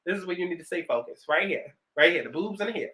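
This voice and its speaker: A woman's voice: fairly low pitch, lively intonation, fast, a bit bright. A woman around thirty with a New York accent, chatting sassily and with lots of profanity while doing her makeup at home. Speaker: vlogger. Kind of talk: get-ready-with-me casual chat.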